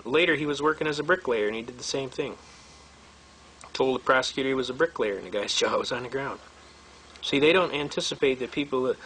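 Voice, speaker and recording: A man in a mid-range, pushed and bright voice teaches a seminar through folksy, blunt courtroom anecdotes, acting out the people he quotes. A little hiss or hum sits under the recording.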